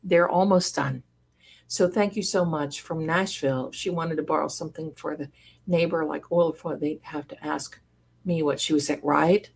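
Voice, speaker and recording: A woman hosting a casual livestream, reading viewer comments aloud and gushing over them with sudden excited exclamations. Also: lowish voice, moderate pace, creaky. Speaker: livestream host and card reader.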